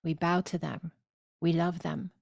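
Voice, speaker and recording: A woman leading a spiritual course, speaking deliberately and soothingly with loud gasping inhales and repeated phrases. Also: fairly low pitch, little pitch movement, vocal fry, dry recording. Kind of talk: slow guided spiritual teaching.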